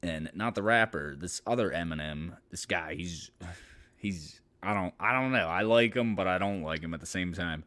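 A man's voice: sits low, moderate pace, a bit bright. A man hosting a podcast, telling a story casually, rambling and swearing with lots of filler. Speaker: podcast host.

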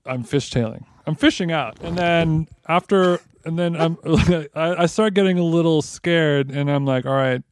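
A man co-hosting a podcast, telling a long story in casual chat, animated and rambling with frequent restarts, close on the mic. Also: fairly high pitch, moderate pace, hardly any pauses, a little hiss or hum. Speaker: podcast co-host.

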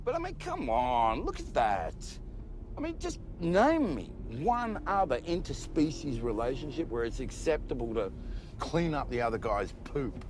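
A man's voice: medium pitch, sing-song, moderate pace, darkish tone, slight background noise, close to an everyday voice. An actor playing a shapeshifting alien spy, a sarcastic man who builds into a long aggrieved rant with stumbling restarts. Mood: wry. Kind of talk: TV series dialogue.

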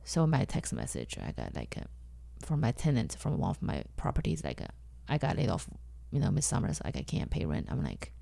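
A woman from China, whose first language is Mandarin, tells her own story bluntly and haltingly, acting out the people she quotes. Her voice is low, gravelly and mellow, set close and dry with no room sound. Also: huge pitch swings, no echo. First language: Mandarin Chinese. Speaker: guest comedian. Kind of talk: candid personal storytelling.

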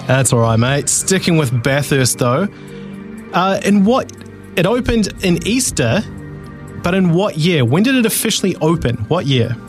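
Upbeat radio quiz host. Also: male voice, on the high side, big pitch swings, moderate pace, music in the background. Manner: upbeat, teasing, laughs often. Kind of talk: casual radio chat.

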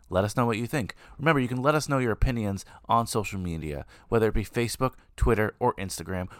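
A man hosts a podcast in a casual, upbeat way, rambling through asides. His voice sits fairly low, and the sound is dry and close with no room echo. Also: fairly bright tone. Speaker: podcast host.

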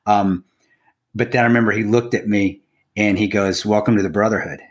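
Low-voiced man telling swearing stories. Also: brisk. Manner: animated storytelling, swears freely, says bro and dude. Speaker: podcast co-host. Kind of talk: casual chat.

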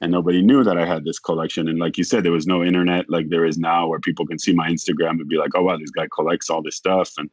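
A man talking as a podcast guest, telling a long story in a rambling way, acting out the other people's lines and filling pauses with "like". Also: deep voice, flat delivery, dry recording, highs cut off. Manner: rambling, acts out quoted dialogue, frequent "like". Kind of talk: casual storytelling.

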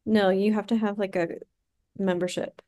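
A woman's voice: medium pitch, flat delivery, normal speed, mellow. A woman co-hosting a podcast, chatting casually in a wry, understated way. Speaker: podcast co-host. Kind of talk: casual chat recapping a reality show.

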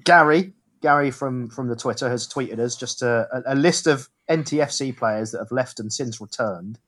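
A man's voice: medium pitch, normal speed, a bit bright. A man co-hosting a casual football podcast, reading out listener tweets with dry, wry asides.

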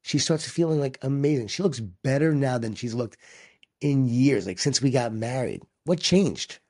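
A man's voice: mid-range voice, animated, moderate pace, a little mellow. A man guest speaker talking with energy, telling stories and making points with emphasis. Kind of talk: conversational storytelling.

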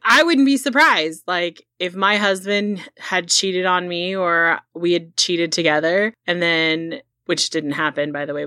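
A married woman co-hosting a true crime podcast, chatting in a wry, relaxed way and laughing often. Her voice is bright and forward, recorded close and dry. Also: lowish voice, no echo. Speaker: podcast co-host. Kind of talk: casual true crime chat.

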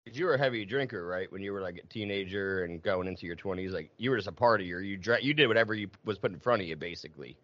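A man hosting a casual chat, animated and blunt, swearing as he talks about recovery. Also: deep voice, fast talker, few pauses, dry recording, lo-fi sound. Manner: animated, swears, laughs along.

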